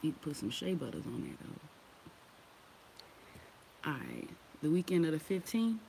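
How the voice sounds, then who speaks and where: A woman's voice: low voice, huge pitch swings, moderate pace, gravelly, warm tone, slight background noise. A woman chatting loosely on a live stream, cursing and laughing often. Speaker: vlogger. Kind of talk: casual live-stream chat.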